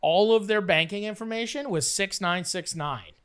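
Bright-voiced man telling a wild story. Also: high-pitched, normal speed, clean tone. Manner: profane, animated storytelling with acted-out quotes. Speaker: storyteller guest. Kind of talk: casual storytelling while playing cards.

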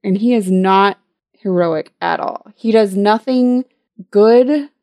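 Gravelly, sarcastic woman podcast host. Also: medium pitch, takes it slowly, dark tone, no echo, clean studio sound. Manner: sarcastic, profane ranting. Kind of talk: casual podcast chat.

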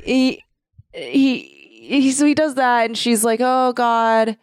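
A woman in casual chat recapping a book, agreeing along and quoting the characters in deep mocking voices. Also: lively intonation, slow, clean tone, no room sound, studio quality.

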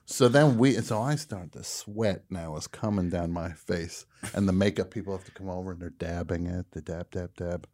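A man hosting a radio show, telling a comic story in a casual, animated way and laughing at his own punchlines. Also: deep voice, moderate pace, few pauses.

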